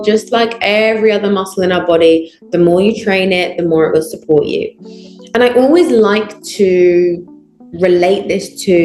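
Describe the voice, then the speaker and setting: A woman who coaches voice and public speaking leads a guided breathing lesson over a video call, giving encouraging step-by-step instructions and counting out each breath. Her medium-pitched voice is a little mellow, heard in an echoey room.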